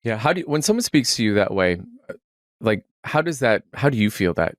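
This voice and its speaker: Male podcast host, lowish voice, reflective interviewer. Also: big pitch swings, fairly quick, no room sound, clean studio sound. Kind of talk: interview questions.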